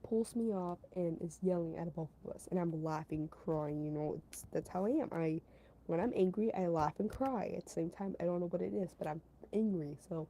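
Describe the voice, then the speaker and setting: A woman's voice: on the low side, moderate pace, warm tone, a little hiss or hum, poor audio. A woman casually telling a story to her stream chat, rambling, repeating herself and padding her talk with fillers. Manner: talks to her chat between story parts.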